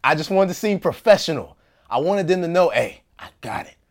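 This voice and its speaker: A man who works as an actor, telling a story from his own life in a casual, comedic way. He laughs often and jumps between loud bursts and hushed asides. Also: fairly high pitch, animated, a little fast.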